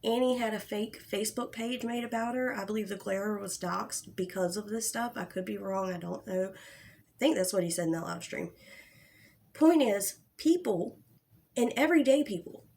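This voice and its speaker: A woman's voice: on the high side, a little mellow. A young woman hosting a casual livestream about online drama, talking bluntly with plenty of swearing and restarts. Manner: blunt and profane, with frequent restarts. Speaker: drama commentary host.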